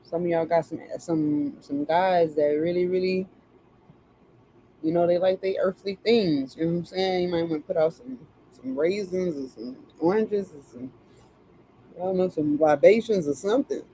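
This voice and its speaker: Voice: mid-range voice, moderate pace, dark tone, a little hiss or hum, poor audio. A tarot reader in casual live-stream chat, joking and chatty with plenty of slang.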